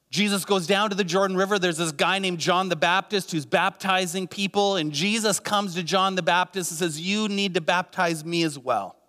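A man's voice: high-pitched, bright, forceful tone, in a large hall. A man preaching a sermon as a pastor, earnest, with many rhetorical questions and repeated phrases.

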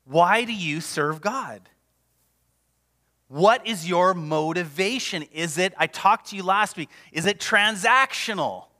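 A man preaching a sermon as pastor, passionate and emphatic, sometimes dropping to a hush. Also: high-pitched, expressive, takes it slowly. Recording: long reverb of a large hall.

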